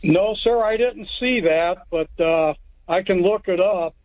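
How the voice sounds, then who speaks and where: A man from Texas calls into a radio show and tells a story in a plainspoken, rambling way, with lots of restarts. His voice is high and his pace measured, heard over a tinny phone line with no room sound.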